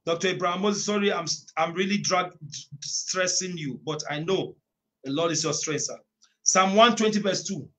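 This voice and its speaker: A man preaching at an online prayer meeting, reading scripture emphatically, repeating phrases and bursting into drawn-out shouts. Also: sits high.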